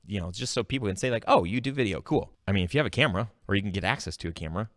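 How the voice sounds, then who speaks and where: A man hosting his own podcast, telling stories in a casual, animated way and jumping up in pitch when he quotes himself. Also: racing, no echo. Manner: animated storytelling, jumps high when quoting himself. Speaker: podcast host. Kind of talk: casual solo podcast monologue.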